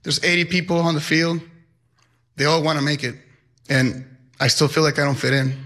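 Young guy telling his life story, bright forceful voice, earnest. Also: a little high, fairly even intonation, normal speed. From Mexico. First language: Spanish. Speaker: high school Spanish teacher. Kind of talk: personal storytelling.

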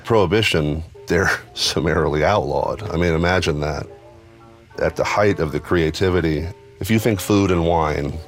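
A man who owns bars, talking in an interview in a thoughtful, measured, explanatory way. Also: extremely low pitch. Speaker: bar owner and spirits author. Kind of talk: reflective interview talk. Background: music.

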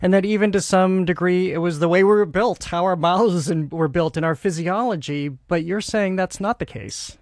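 A man's voice: sits high, moderate pace, hardly any pauses, no room sound, clean studio sound. A man with a Boston accent hosting an interview, asking curious, conversational questions. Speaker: radio host. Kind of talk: radio interview.

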